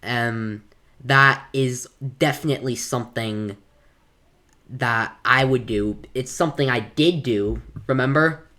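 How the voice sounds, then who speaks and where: A woman reacting to a gameplay video with relaxed, amused comments. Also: extremely low pitch, slow pace.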